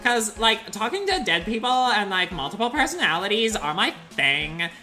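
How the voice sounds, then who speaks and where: A woman's voice: mid-range voice, very animated, very slow, sharp tone, soft background music, exaggerated voice. A woman voicing a ditzy young Valley Girl who drifts vaguely and fills every sentence with "like". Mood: airy, evasive. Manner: vague, peppered with "like".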